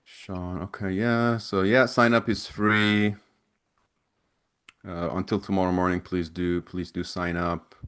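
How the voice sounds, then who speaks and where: Low-voiced man answering chat questions. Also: level tone, measured pace, a bit bright, smooth. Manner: loose and chatty, many restarts, reads out chat questions. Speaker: webinar presenter, ex-recruiter. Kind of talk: casual Q&A from chat.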